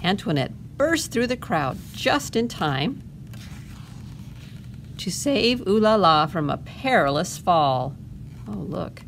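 A woman librarian reads a picture book aloud for a family storytime, with a fairly low voice. She pauses often for gentle asides to the children. A faint hiss runs under the reading. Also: expressive, gravelly.

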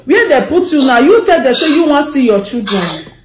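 A woman's voice: sits high, sing-song, moderate pace, a crowd in the background. A woman host with a Nigerian Pidgin accent, asking probing questions and consoling a caller. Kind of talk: call-in interview. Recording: echoey and noisy.

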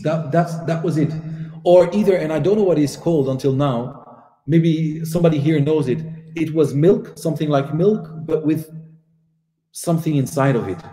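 A Belgian man in his forties giving a religious lesson, telling personal stories in a lively anecdotal way. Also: fairly high pitch. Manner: warm anecdotal storytelling with laughs and acted dialogue. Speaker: Islamic teacher. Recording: echoey hall.

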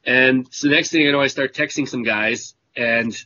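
A man's voice: mid-range voice, fairly even intonation, moderate pace, sharp tone, lo-fi sound. A man telling a story in casual chat on a video call, rambling and correcting himself as he talks. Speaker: whisky club member.

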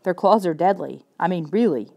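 A woman doing a hushed, knowing young boy. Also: on the low side, lively intonation, normal speed, highs cut off. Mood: grim. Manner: hoarse whispered warnings. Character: calm knowing boy friend, hushed and warning.

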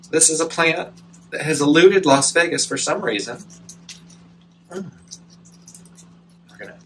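Excitable man unboxing plants. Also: medium pitch, far from the mic, slight background noise, low-quality recording. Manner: excitable, gushing, talks to the camera. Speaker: plant vlogger. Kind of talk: casual unboxing vlog.

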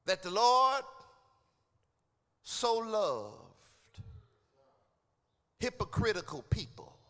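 A man preaching a sermon as pastor in a church, his delivery swinging from hushed low tones to shouted, sung cadences. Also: sing-song, very slow. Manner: drops to low, hushed tones between climaxes. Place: church sanctuary. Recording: long hall reverb.

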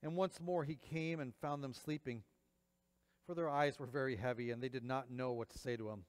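A man's voice: mid-range voice, steady tone, fairly quick, clear, resonant tone. A man reading scripture aloud and preaching, acting out the quoted lines dramatically. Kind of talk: Bible reading and sermon. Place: church. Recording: long church reverb.

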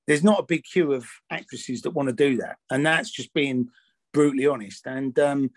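A man's voice: mid-range voice, normal speed, no echo. Blunt rambling Englishman, dry close sound. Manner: blunt, rambling, many restarts and fillers. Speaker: actor and film producer being interviewed. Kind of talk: candid interview chat.

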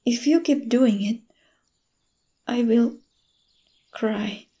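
Woman voicing a guarded, lonely young woman, slow and mellow, stammering, crickets behind. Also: a little high. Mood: resisting. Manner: hesitant, stammering, soft-spoken. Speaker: voice actor. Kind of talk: audio role-play.

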